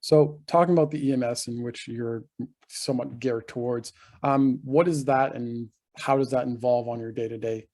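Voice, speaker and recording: A man hosting a podcast, asking measured follow-up questions with some fillers. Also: mid-range voice, steady tone, a little mellow. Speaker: podcast host. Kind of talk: casual podcast interview.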